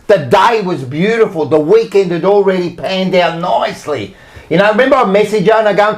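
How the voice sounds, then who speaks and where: A man's voice: sits high, a little fast. An Australian man co-hosting a podcast, ranting emphatically with swearing and rambling asides. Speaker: podcast co-host. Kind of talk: heated casual rant.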